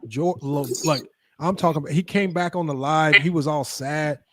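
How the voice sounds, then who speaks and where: A man's voice: fairly high pitch, steady tone, moderate pace, slight background noise. Amused young man telling a sports story. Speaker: panelist.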